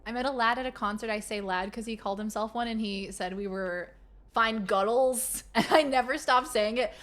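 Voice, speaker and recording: A woman streaming a game and chatting casually with her viewers, playful and quick to slip into silly voices. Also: fairly high pitch, a bit bright. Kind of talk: casual live-stream chat.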